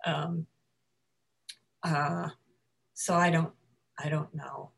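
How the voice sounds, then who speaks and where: A woman telling a personal story in a group discussion, full of fillers and restarts, with soft laughs between phrases. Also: sits low, level tone, very slow, gravelly.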